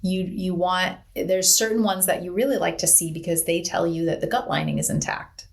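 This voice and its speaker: Female podcast co-host, slightly low pitch, plain and playful explainer. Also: normal speed. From Pacific Northwest of the US. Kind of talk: casual health podcast chat.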